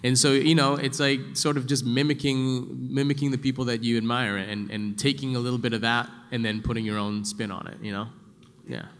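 Male voice actor guest, relaxed panel talk with a bright edge, echoey convention hall. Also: medium pitch, brisk. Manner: chatty, laughs often, breaks into loud yelled voices when telling stories. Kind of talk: casual panel Q&A answers.

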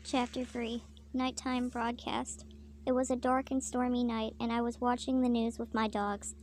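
A woman reading a parody fanfiction aloud in a deadpan, flat way. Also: on the high side, normal speed, a little hiss or hum. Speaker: fanfiction reader.

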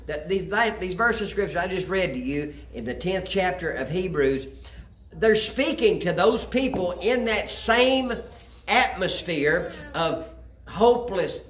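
A man's voice: sits high, fairly bright tone, echoey room. A man preaching a sermon in a church, folksy and rising to fervent cries of amen. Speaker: pastor. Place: church sanctuary.

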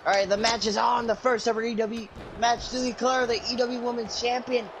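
High-voiced excitable male commentator. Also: fairly quick, background noise. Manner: jokey, bursts into high yelps when surprised. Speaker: host and commentator.

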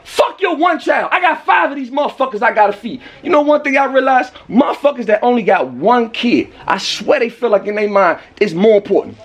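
A furious man ranting, high-pitched and shouting. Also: animated, a little fast, few pauses, muffled recording. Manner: profane, heated, often shouting. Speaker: vlogger. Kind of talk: angry rant to camera.

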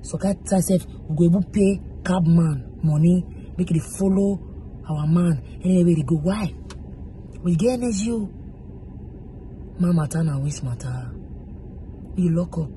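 A woman speaking Nigerian Pidgin rambles on and scolds in a mellow, darker voice. Faint hiss and traffic sounds sit behind her. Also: lowish voice, moderate pace, long pauses, poor audio. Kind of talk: casual monologue.

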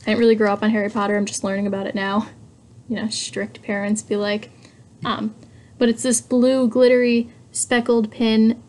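Excitable young woman unboxing pins. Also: mid-range voice, normal speed. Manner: excitable, chatty, thinking aloud. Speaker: hobby vlogger. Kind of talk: casual unboxing chat.

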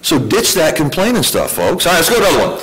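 Man preaching with lively questions. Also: on the high side, quick pace, a little hiss or hum, low-quality recording. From United States. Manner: conversational preaching, asks the congregation questions. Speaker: pastor. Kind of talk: sermon.

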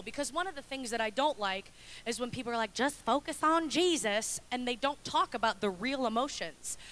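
A woman pastor delivers an impassioned sermon in a church. Her voice sits high and rings bright and forceful. She drops to near-quiet moments, then climbs into loud, pleading passages.

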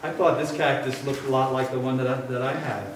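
A man leading a children's message at a church service, speaking gently and playfully to a young child and telling a story. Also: medium pitch, steady tone, fairly quick, far from the mic, noisy background. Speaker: pastor. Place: church sanctuary. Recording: echoey sanctuary, mic from afar.

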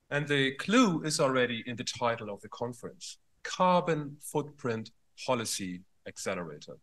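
A man at mid pitch opens a conference with a wry, lightly humorous talk. He speaks fluently and plainly. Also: a bit bright. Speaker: conference organizer.

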